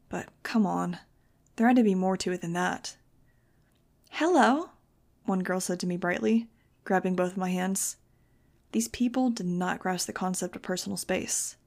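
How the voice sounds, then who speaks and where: A woman reads a first-person novel aloud with a wry, sarcastic edge. Her gravelly voice sits at an ordinary pitch for a woman, and the sarcasm stays dry throughout. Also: a little mellow. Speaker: audiobook reader.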